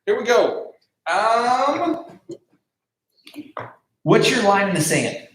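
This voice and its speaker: A man's voice: high voice, very animated, extremely slow, fairly bright tone, a little hiss or hum. A man giving a casual youth group talk as pastor, conversational, with many fillers and repeated words. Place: large room with a group. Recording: echoey room.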